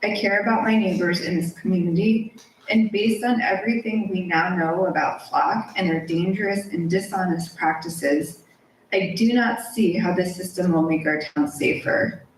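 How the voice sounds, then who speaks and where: A woman's voice: lowish voice, normal speed, slight background noise. A woman giving an earnest, pleading public comment at a city council meeting. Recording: echoey council chamber mic from far off.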